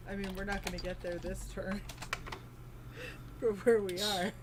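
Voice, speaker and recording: Woman, tabletop player, casual talk, swears easily, clear background hiss. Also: medium pitch, steady tone, measured pace. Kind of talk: casual tabletop game play.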